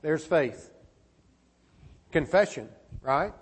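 A man with a notably high voice delivering an earnest sermon, stumbling over and repeating words as he goes. His voice rings out with a long hall reverb behind it. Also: expressive, a little slow. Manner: earnest, frequent word repeats and restarts. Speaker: preacher.

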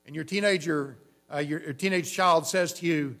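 Brief: male preacher, fairly high voice, measured explanatory delivery, some faint hum behind. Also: fairly bright tone. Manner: measured, explanatory preaching with frequent restarts and fillers. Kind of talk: sermon.

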